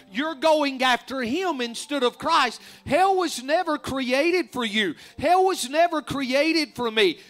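A man preaching a fervent sermon, rising to loud emphatic peaks. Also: very high voice.

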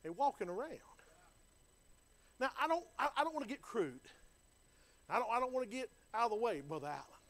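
A man's voice: extremely high pitch, very animated, fairly quick, long pauses, a bit bright. A man preaching a sermon in a folksy, fervent style, building in intensity. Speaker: pastor.

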